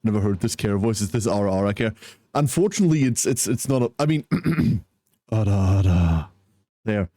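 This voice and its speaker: A man talks to his stream viewers from home, still groggy after a nap. His voice sits low and mellow, and it is recorded close and dry. He greets people one by one in a soft, apologetic way. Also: lively intonation, moderate pace, no echo. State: groggy, just woke from a nap. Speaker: livestreamer. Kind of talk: casual livestream chat. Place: at home, wrapped in a blanket.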